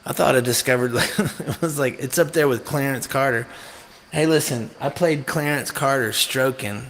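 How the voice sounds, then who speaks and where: A man's voice: mid-range voice, moderate pace, a little hiss or hum. Rambling, joking man streaming live. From North Carolina. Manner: rambling, jokey, animated storytelling. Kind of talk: casual chat on a live stream.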